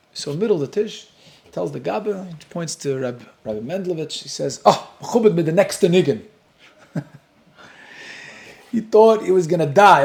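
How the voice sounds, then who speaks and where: A man teaching a Talmud class, animated and explaining step by step, with a story worked in. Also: on the high side. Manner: animated, switches between English and Hebrew-Aramaic terms.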